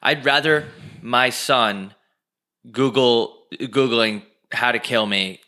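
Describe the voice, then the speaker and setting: Blunt young man with a bright voice. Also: mid-range voice, takes it slowly. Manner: blunt, offhand, swearing. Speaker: podcast co-host. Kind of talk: casual chat.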